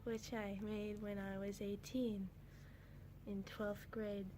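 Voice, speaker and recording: A woman in her twenties reading her old comics aloud to her cat, casual chat with a deadpan, wry manner. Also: mid-range voice, slow pace, noisy background.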